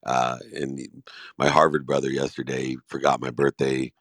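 A man's voice: extremely low pitch, flat delivery, normal speed, fairly bright tone, no echo. A man in his fifties hosting a live audio room Q&A, talking in an emphatic, heartfelt, motivational way over a remote call. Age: 50s. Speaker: host and business speaker.

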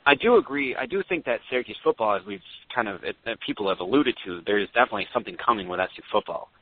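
A man's voice: on the low side, animated, fast talker, dry recording. A man co-hosting a casual sports talk show, sharing hedging opinions. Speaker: podcast co-host. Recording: dry, tinny phone-like sound.

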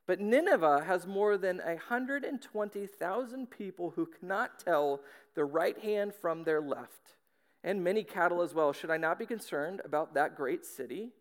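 High-voiced animated male preacher. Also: moderate pace. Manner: animated, acts out voices for comic effect. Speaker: pastor. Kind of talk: sermon.

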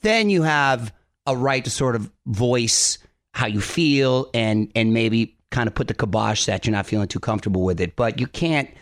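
A man's voice: medium pitch, normal speed, dry recording. A man hosting a radio show in casual, chatty talk, recorded close on a studio mic. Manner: upbeat, chatty. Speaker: radio host.

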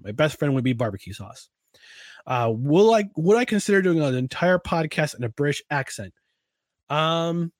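A man's voice: fairly high pitch, no echo, clean studio sound. A young man hosting a podcast, chatting casually and rambling through listener questions with frequent restarts. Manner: rambling, with many restarts and laughs. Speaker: podcast host.

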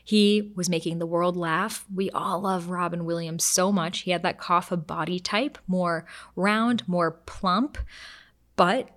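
Woman, expert guest, podcast interview, animated explainer, acts out voices. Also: fairly low pitch. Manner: animated explainer who acts out quoted voices and slows down to demonstrate.

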